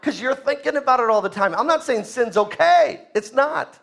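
A male preacher giving a fervent sermon, rising to shouts for emphasis. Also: extremely high pitch, lively intonation, normal speed, creaky.

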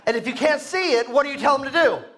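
A man preaching a live sermon to a congregation, swinging from hushed lines to shouting. He stretches phrases out for emphasis and calls on the audience to answer. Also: extremely high pitch, fast talker, some chatter behind. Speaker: pastor.

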